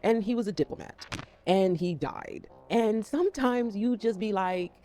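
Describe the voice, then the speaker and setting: A woman's voice: medium pitch, big pitch swings, measured pace, mellow. A woman talking casually to camera as a vlogger, rambling and swearing as she jumps between topics.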